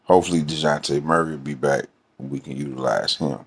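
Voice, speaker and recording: A man's voice: extremely low pitch, fairly even intonation, a little fast, slightly rough. A man ranting casually about his team, rambling and profane, with many fillers. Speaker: sports fan vlogger. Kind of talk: casual fan rant.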